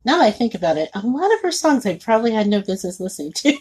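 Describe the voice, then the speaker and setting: A woman co-hosts a podcast in a breathy, husky voice of middle pitch. She chats freely and laughs often. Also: sing-song, very fast, a little mellow. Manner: chatty and giggly, with frequent laughter. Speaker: podcast co-host. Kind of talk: casual chat.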